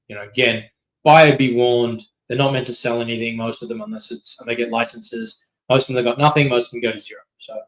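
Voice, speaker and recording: A man giving a long, informal presentation, speaking in quick loose bursts. He leans on fillers and keeps checking in with "right?". His voice sits at an ordinary middle pitch for a man. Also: a bit bright, rough recording. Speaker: company CEO giving a masterclass. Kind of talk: casual presentation talk.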